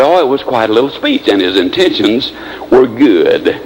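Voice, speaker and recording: A man from the American South giving a motivational speech, telling stories and acting out the people in them with big swings in pitch and pace. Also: fast talker, low-quality recording. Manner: animated, acts out characters with big swings in pitch and speed. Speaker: motivational speaker.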